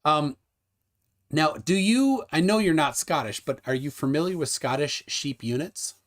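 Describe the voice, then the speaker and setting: A man's voice: a little high, expressive. Bantering man hosting a livestream. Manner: bantering, questioning, quick laughs. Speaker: livestream host reading viewer comments. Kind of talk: casual debate chat.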